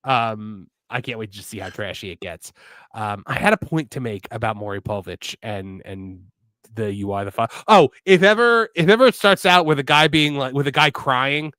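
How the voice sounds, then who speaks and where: Animated podcast host, lively pitch. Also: male voice, moderate pace, dry recording, studio quality. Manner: animated, trails off quietly, mimics callers. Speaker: podcast host reading super chats. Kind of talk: casual wrestling podcast chat.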